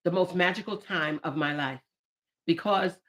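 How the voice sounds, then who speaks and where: A woman's voice: lowish voice, normal speed. A young adult woman hosting a live stream, reading her poems with playful, chatty asides to her viewers. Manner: playful, talks back to herself, swings from joking to tearful. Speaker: poet and channel host.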